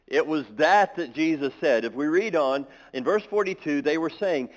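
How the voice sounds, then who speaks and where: A pastor giving a sermon in a church, reading scripture aloud and then explaining it with small restarts. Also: male voice, on the high side, normal speed, hardly any pauses, poor audio.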